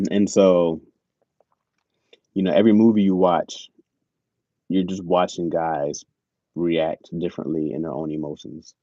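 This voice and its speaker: Low, mellow-voiced guy, laid-back stream host, swears a lot, dry lo-fi mic. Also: dry recording. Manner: laid-back, swears, says "bro" and "man". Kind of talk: casual chat.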